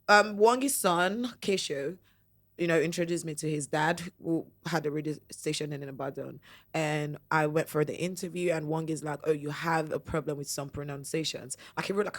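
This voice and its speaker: A woman with a Nigerian accent, a radio host talking as a podcast guest in an animated way. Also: sits low. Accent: Nigerian English. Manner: animated, acts out radio announcer voices. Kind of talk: casual podcast chat.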